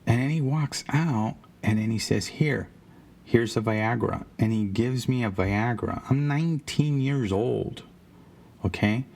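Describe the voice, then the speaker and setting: A man's voice: mid-range voice, a little slow, a little mellow. A man casually telling a rambling, profane story about his days as a car salesman. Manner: rambling, profane, with frequent restarts.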